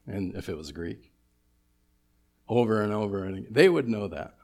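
A man's voice: on the low side, normal speed, vocal fry, pauses often, darkish tone. A man preaching a sermon in a church, conversational and sprinkled with humorous asides. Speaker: pastor.

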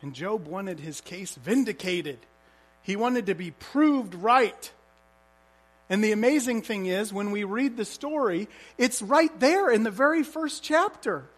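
A man's voice: high voice, expressive, unhurried. A man preaching a sermon as a pastor, telling stories vividly and asking the congregation rhetorical questions.

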